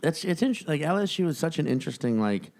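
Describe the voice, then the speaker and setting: A man's voice: on the high side, fast. A man co-hosting a comedy podcast in loose, joking conversation, riffing and breaking into silly voices. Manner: animated, joking, riffs in silly put-on voices. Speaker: podcast co-host. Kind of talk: casual comedy chat.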